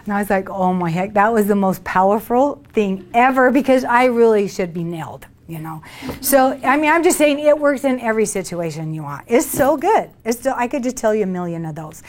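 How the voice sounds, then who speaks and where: A woman leading a workshop tells stories to a small group in a chatty, animated way. She acts out what she once said and laughs along with the room. Her voice sits in a middle range. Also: medium pitch, fairly quick. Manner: chatty, animated, laughs while acting out her own past words. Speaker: workshop leader. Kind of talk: storytelling talk to a group.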